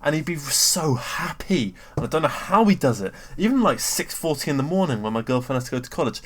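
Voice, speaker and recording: A young adult man with a British accent giving a casual, rambling rant. He swears freely, fills gaps with "um", breaks off his own sentences and keeps bouncing up into excited bursts. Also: fairly quick, husky. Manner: rambling and sweary, with frequent fillers and self-interruptions; excitable, often jumping up in pitch and loudness. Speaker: vlogger.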